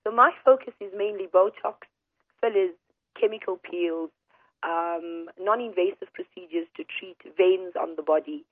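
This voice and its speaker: A hoarse woman, an aesthetic doctor, explains her work steadily as a radio guest. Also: lowish voice, dry recording. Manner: measured, explanatory, with fillers. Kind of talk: phone-in radio interview. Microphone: telephone. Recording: tinny phone line on radio.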